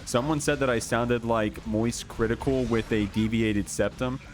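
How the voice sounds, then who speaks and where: An American man co-commentating an online fighting game tournament, relaxed and reading chat between matches. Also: medium pitch, measured pace, over music. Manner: laid-back, easygoing, reads chat aloud.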